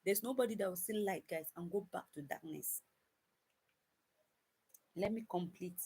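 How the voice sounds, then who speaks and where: A woman with a fairly low, mellow voice and a breathy edge speaks at a moderate pace, giving casual commentary to viewers she addresses as "guys." She is emphatic and repeats her points, with many stumbles and restarted sentences.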